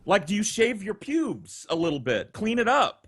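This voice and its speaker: A man's voice: sits high, sing-song, normal speed. A man telling a long, profane anecdote in casual chat, rambling with restarts and quoting others. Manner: rambling, profane, full of restarts and acted quotes. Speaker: podcast storyteller. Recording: noisy home recording.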